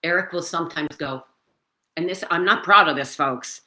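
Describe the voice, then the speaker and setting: A woman in her seventies tells her own story in casual talk, animated and emphatic and gesturing with her hands. Her voice is on the low side at a moderate pace, recorded indoors through a computer mic.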